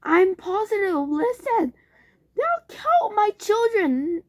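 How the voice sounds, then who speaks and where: Desperate father fox, shouting and high-pitched, played by a woman reading aloud. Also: normal speed. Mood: panicked. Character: frantic father fox, desperate then triumphant.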